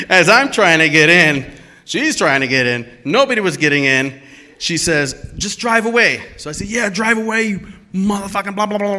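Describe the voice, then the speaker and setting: A man telling a true story at a live storytelling event, animated and emphatic, acting out the dialogue as he goes. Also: on the high side.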